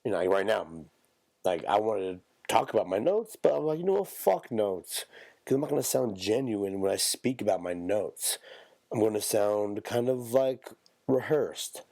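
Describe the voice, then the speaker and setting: Gravelly man rambling on a podcast. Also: lowish voice, moderate pace, darkish tone, dry recording. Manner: rambling, profane, self-interrupting. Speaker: podcast host. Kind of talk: casual comedic podcast monologue.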